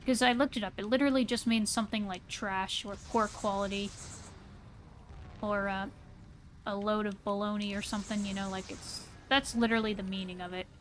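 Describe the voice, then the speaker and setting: A woman's voice: mid-range voice, steady tone, brisk. A woman from the American South with a standard American accent, chatting casually and hesitantly to her live-stream audience while playing a game. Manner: rambling, hesitant with many fillers.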